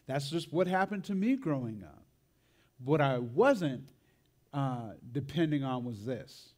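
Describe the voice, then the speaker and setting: A man's voice: mid-range voice, expressive, unhurried, darkish tone. A man preaching a sermon, telling a personal story in a conversational way and tagging his lines with "right?" and "man".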